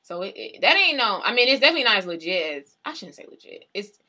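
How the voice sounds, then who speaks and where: A young adult woman co-hosting a podcast, arguing in casual chat with an animated, insistent manner and frequent laughs. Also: mid-range voice, quick pace. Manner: animated, argumentative, laughs often. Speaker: podcast co-host.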